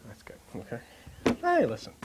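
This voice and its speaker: A man preaching a lively sermon to a congregation, joking and dropping to a whisper to stress points. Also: medium pitch, normal speed, background noise. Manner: animated, jokey, drops to whispers for emphasis.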